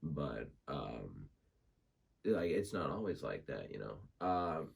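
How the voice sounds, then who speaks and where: A young man talking casually as a podcast guest, laughing often and slipping into quick impressions. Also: a bass voice, sing-song, gravelly. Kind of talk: casual chat.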